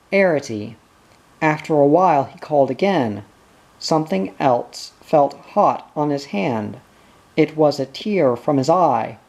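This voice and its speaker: Slow, measured audiobook reader. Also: mid-range voice. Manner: measured, unhurried, gentle. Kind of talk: children's novel read aloud.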